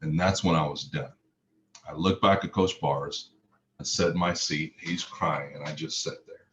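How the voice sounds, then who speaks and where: Middle-aged man from Chicago, very low voice, emotional storyteller, slightly muffled recording. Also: fairly even intonation, normal speed, a bit bright, a little hiss or hum. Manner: vivid present-tense storytelling, emotional. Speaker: motivational speaker. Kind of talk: personal storytelling talk.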